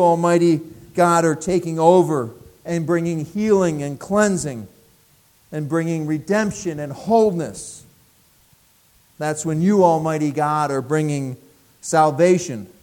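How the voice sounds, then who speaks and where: A man preaching a sermon in a high voice, taking his time over each phrase. He leans hard on his key words and lifts his voice for the prayers he quotes. Then he drops low and soft to pray. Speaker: pastor.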